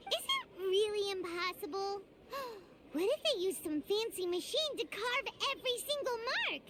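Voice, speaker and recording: A tiny, bubbly fairy sidekick from a video game, speaking in a very high, squeaky voice that bounces all over the place. She chatters brightly and refers to herself in the third person. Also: big pitch swings, normal speed, heavy background noise. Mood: perky. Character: tiny chirpy floating fairy companion.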